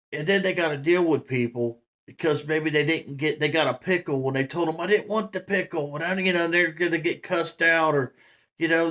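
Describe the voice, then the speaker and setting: Casting: man, somewhat high voice, loose rambling vlog monologue. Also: fairly bright tone. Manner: rambling, many fillers and laughs. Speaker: vlogger. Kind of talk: casual storytelling monologue.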